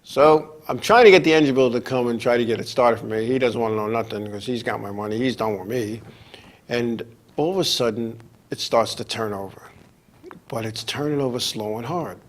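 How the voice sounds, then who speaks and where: A man hosting a show, telling a long racing story in a rambling, animated way with frequent restarts and asides. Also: medium pitch, a little fast, a little hiss or hum. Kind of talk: casual storytelling monologue.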